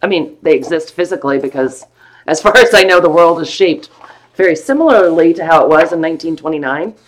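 A woman's voice: sits low, animated, fairly quick. Gushing woman hosting a live book sale. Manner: gushing, playful, chatty about old books. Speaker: host selling vintage books on a live stream. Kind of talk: casual live sale chat.

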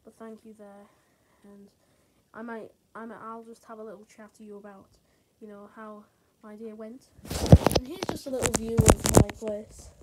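A woman's voice: on the high side, level tone, moderate pace. A woman chatting casually in a hotel room, out of breath, rambling with many fillers and restarts. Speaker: vlogger. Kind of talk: casual vlog chat. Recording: loud background noise. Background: loud noise.

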